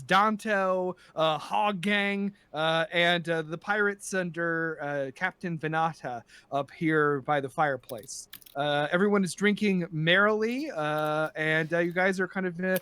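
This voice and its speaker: A man's voice: fairly high pitch, sharp tone. A man narrating as game master of a tabletop game, chatty and full of fillers, on a home microphone. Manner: chatty, laughing, many fillers.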